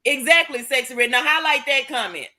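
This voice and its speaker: A woman's voice: high voice, brisk, sharp tone. A woman in her twenties co-hosting a casual talk show, scolding and exasperated. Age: 20s. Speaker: podcast co-host. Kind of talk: casual chat.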